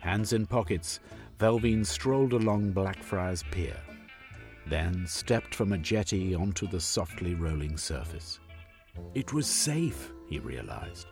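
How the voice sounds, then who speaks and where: A man reading a story aloud as narrator in a measured, expressive way. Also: deep voice, gravelly, soft background music.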